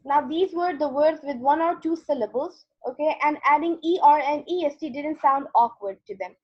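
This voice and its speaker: High-voiced woman teaching an online grammar class. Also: moderate pace, few pauses, lo-fi sound. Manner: patient, explains step by step with repeated "okay".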